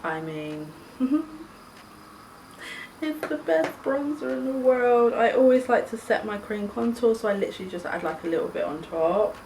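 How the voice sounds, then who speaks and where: A woman's voice: on the high side, expressive, normal speed, creaky, darkish tone, far from the mic. A young woman chatting casually while doing her makeup, gushing and chatty, swearing now and then. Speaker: beauty vlogger. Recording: echoey room, mic set back, faint hiss.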